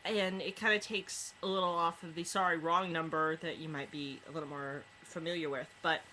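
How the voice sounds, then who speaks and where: A woman reviewing books in a casual chat, retelling stories with lots of fillers and quick asides. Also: sits low, steady tone, pushed and bright, slight background noise, low-quality recording. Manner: chatty retelling with many fillers. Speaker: book reviewer.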